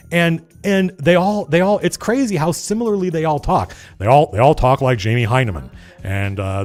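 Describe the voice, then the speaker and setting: A man hosting a casual livestream, reading old game zines aloud and breaking off into rambling, animated comments. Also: medium pitch. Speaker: livestream host.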